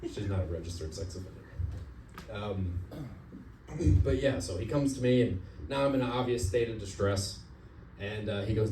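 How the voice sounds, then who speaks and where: A young man telling a stand-up story at an open mic, in a halting deadpan delivery full of "uh" pauses, on a comedy club stage. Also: on the low side, background noise. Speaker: stand-up comic. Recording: roomy club sound from far off.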